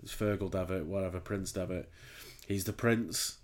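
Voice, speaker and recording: A man's voice: low-pitched, steady tone, moderate pace. Sweary man, rambling chat. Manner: sweary, rambling, laughs easily. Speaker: podcast co-host. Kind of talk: casual chat.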